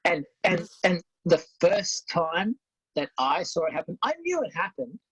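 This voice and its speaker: A woman's voice: on the low side, sing-song, a little slow, a bit bright, husky, no echo. A woman, co-hosting a casual chat, blunt and swearing freely as she acts out stories. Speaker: podcast co-host. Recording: dull lo-fi sound.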